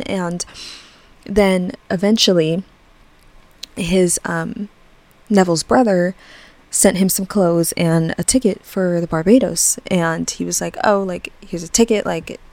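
This is a young woman with a slightly low voice, hosting a podcast in a loose, chatty way. Her talk is full of "like" and "um", and she laughs lightly and swears now and then. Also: slow pace, pauses often, darkish tone, no echo. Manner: casual, with occasional swearing. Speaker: podcast host. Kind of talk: casual podcast chat.

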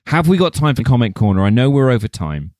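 A man's voice: medium pitch, sing-song, fast talker, a little mellow, no room sound, studio quality. A man co-hosting a film podcast, affectionate and sweary in casual banter. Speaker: podcast co-host. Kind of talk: casual chat.

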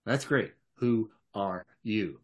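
A man's voice: on the low side, lively intonation, takes it slowly. A man voicing a brash, foul-mouthed male criminal who talks bluntly and profanely. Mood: wary.

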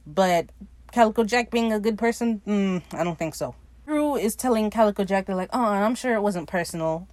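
A woman's voice: mid-range voice, fairly quick, no echo. A woman giving a casual, sassy recap of a TV episode, laughing often and swearing freely as she retells scenes. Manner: animated, laughing often, retelling scenes with playful quoted voices. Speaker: recap podcaster.

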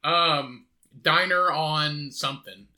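A young man tells stories on a casual podcast, rambling and swearing freely as he goes. His voice is very bright and sits a little high for a man. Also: slow. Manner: rambling, profane storytelling with laughs. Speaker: podcast co-host. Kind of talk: casual chat.

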